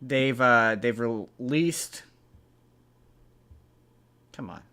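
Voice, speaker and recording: A male podcast co-host talks in an easy, casual way at a middling pitch. He rambles, often restarts his sentences midway, and reads bits of articles aloud as he goes. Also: very slow, pushed and bright, clear, resonant tone. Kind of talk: casual chat.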